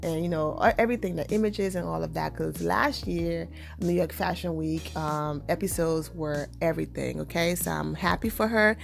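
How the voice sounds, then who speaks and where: A woman's voice: lowish voice, moderate pace, vocal fry, soft background music. A woman hosting an entertainment news vlog, reading celebrity news and then chatting casually with upbeat sign-offs.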